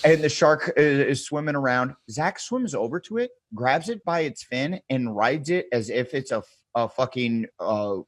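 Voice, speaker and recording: A man's voice: medium pitch, moderate pace, hardly any pauses, dry recording. A man in casual podcast chat, telling a story with lots of swearing and laughter, acting out what others said. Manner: animated storyteller, acts out quotes, swears freely, laughs often. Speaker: podcast guest.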